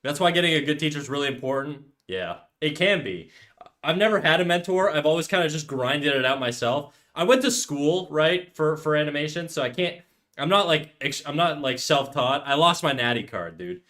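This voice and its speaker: A man's voice: fairly high pitch, lively intonation, a little fast, fairly bright tone. A man streaming while he draws, chatting casually and candidly with his viewers, rambling and often calling them "dude". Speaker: streamer and artist. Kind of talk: casual livestream chat.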